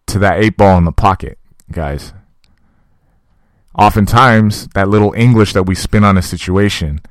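A man's voice: low-pitched, dry recording. A man, a fight coach, telling a story in a casual, profane, conversational monologue aimed at his listeners. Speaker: podcast host and fight coach.

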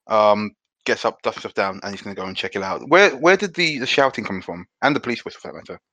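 A man's voice: lowish voice, lively intonation, fast talker, bright, forceful tone, no room sound, muffled recording. A man playing a tabletop role-playing game, talking playfully and slipping in and out of character. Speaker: player.

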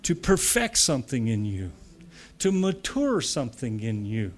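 An American man preaches unhurriedly to church leaders in a medium-pitched, very animated voice. He repeats phrases for effect, chats through asides, and works up to loud, emphatic declarations.

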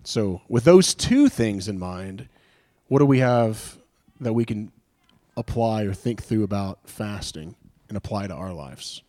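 A man's voice: lowish voice, animated, unhurried, mellow. A man preaching a sermon in an earnest, conversational way, often asking rhetorical questions and restarting his phrases. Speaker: pastor.

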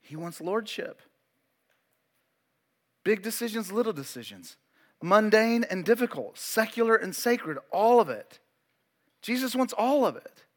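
A man's voice: high-pitched, sing-song, measured pace, long pauses. A pastor in his forties preaching a sermon, emphatic and fervent, repeating key phrases and urging his listeners to pay attention. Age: 40s. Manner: builds to loud, fervent preaching.

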